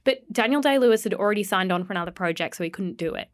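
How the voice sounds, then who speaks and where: A woman's voice: medium pitch, expressive, rapid-fire, dry recording, clean studio sound. A woman hosting a podcast, playfully retelling celebrity gossip in casual chat. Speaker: podcast host.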